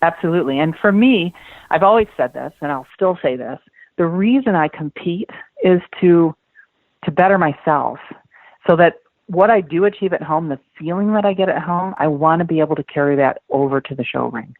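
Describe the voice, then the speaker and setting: On a podcast, a dressage rider in her fifties speaks in a low, animated voice at a moderate pace. The recording is dry and sounds like a phone line, and she's earnest and emphatic, with repeated words.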